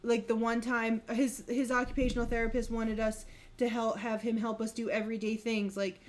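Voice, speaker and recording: A young woman co-hosting a podcast, chatting casually and telling lively family stories. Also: a little high. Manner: animated storyteller, chatty and quick to laugh. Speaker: podcast co-host. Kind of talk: casual chat.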